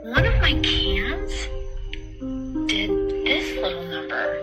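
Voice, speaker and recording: A woman's voice: medium pitch, wildly swooping pitch, slow pace, over loud music. A woman in a casual video clip, speaking in an alarmed, exclaiming way.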